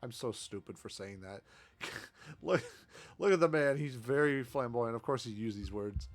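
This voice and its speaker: A man's voice: medium pitch, unhurried. Chatty self-mocking male streamer. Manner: chatty, self-deprecating, laughs often. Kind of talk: casual gameplay commentary.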